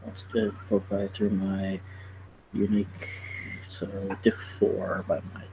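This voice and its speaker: A man's voice: low voice, completely flat delivery, gravelly, noisy background. A man playing in a tabletop game, thinking aloud as he works out his rolls and actions. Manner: slow, thinking aloud while working out dice rolls. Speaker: player. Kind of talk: casual tabletop gaming chat.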